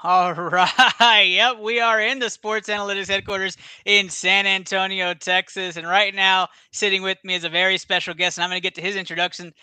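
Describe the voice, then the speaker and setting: A man hosting a casual sports podcast from a studio, excitable and laughing, with plenty of fillers. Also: sits high, a little fast, hardly any pauses, clear, resonant tone. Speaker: podcast host.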